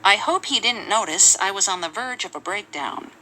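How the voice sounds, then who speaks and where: A woman reading English example sentences aloud in a measured, lively way for a lesson. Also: medium pitch, a little hiss or hum, rough recording.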